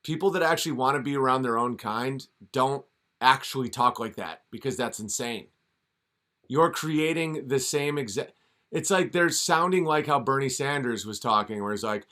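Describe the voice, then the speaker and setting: Bright-voiced ranting male commentator. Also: mid-range voice, normal speed. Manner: mocking, ranting, with sarcastic impressions.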